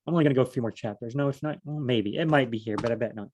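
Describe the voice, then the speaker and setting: A man's voice: mid-range voice, darkish tone, slightly rough. A man studying scripture aloud on his own, talking casually, musing and briefly acting out scenes as he reads. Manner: informal, muses aloud, acts out scenes in quick voices. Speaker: solo Bible study host.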